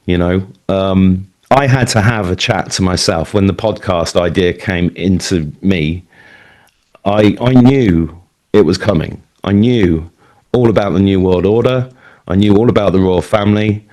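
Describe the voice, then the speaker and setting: A man's voice: fairly low pitch, a little mellow. An English man in his fifties telling his life story to a live audience, rambling and conversational, with plenty of fillers and asides. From England. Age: 50s. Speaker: speaker at an event. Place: talk before a live audience.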